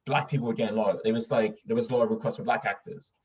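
A man's voice: lowish voice, fairly even intonation, racing, a little mellow, slightly rough. A young adult man from northern England with a well-spoken English accent, telling stories in an interview with many fillers and restarts. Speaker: voice actor. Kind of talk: casual interview storytelling. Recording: dull distant mic.

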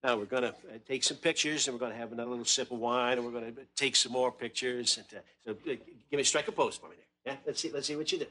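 A man's voice: medium pitch, quick pace, few pauses, bright, forceful tone, natural voice. A man playing a creepy coaxing middle-aged man. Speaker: sitcom actor. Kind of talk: 1980s sitcom acting.

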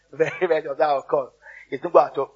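A man's voice: on the high side, steady tone, fairly quick, husky, highs cut off. A man preaching a sermon as a pastor, telling stories and repeating words for emphasis. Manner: storytelling, repeats words for emphasis, exhorts the congregation.

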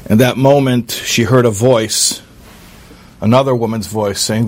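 A man telling a true story aloud in an earnest, halting way, with fillers and restarts. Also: medium pitch, steady tone. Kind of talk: spoken storytelling.

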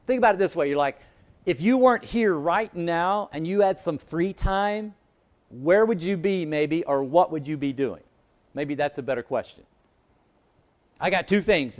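Animated middle-aged man preaching. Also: fairly high pitch. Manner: anecdotal, animated, jokes with the congregation. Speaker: pastor. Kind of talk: sermon.

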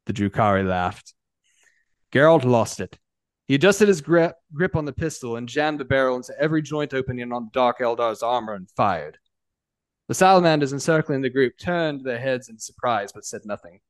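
A man reads a story aloud at an even, mid-range pitch, with small slips and restarts as he goes. His voice is close and dry, with no room echo. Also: moderate pace. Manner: steady reading with small restarts. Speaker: narrator. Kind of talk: scripted story narration.

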